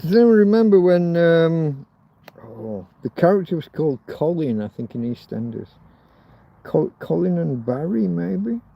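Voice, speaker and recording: A man's voice: a little high, big pitch swings, unhurried, creaky. A man chatting on a rambling, casual livestream from a field, crude and swearing as he jokes around. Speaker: livestreamer cooking outdoors. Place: outdoors in a field. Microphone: phone. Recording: dull lo-fi phone audio.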